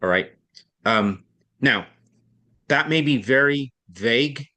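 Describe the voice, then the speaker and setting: Man, reading tutor, mid-pitched voice, patient explaining, self-correcting, online session on a computer mic. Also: lively intonation, slow, pushed and bright.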